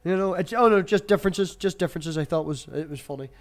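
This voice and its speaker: A man's voice: high-pitched, quick pace. A man with an Irish accent in a casual podcast discussion, talking loosely with hesitations and the odd swear word. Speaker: co-host.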